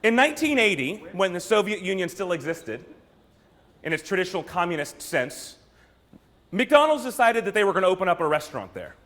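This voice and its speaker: A high-pitched American man delivers a punchy keynote talk to a room full of people. He throws rhetorical questions at the crowd and swings into theatrical asides, keeping his voice lifted and expressive throughout. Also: a little fast. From United States. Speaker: brand strategist, speaker. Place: room with an audience.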